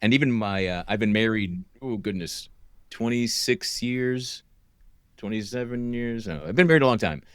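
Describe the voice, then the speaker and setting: A man's voice: on the low side, normal speed, smooth, no room sound. Middle-aged male podcast host, dry sound. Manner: open, searching questions with restarts. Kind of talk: podcast interview.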